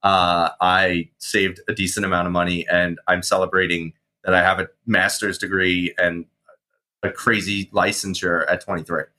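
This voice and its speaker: A man in his thirties, a guest on an interview show, telling his story casually with swearing and animated reenactments of his past self. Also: sits low, moderate pace. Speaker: guest, mindset coach and firefighter.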